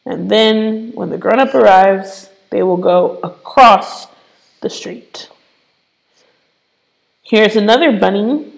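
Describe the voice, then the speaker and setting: Slow, gravelly-voiced woman teacher. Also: medium pitch, rough recording. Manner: slow, patient explaining with playful asides. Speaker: English teacher for children. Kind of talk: online lesson for kids.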